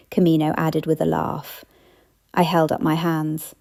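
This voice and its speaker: A woman reads a cozy mystery audiobook aloud. Her voice sits low and mellow, with a gravelly fry running through it, and she nudges her pitch up a little for each character. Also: monotone, a little slow. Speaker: audiobook narrator. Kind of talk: scripted narration.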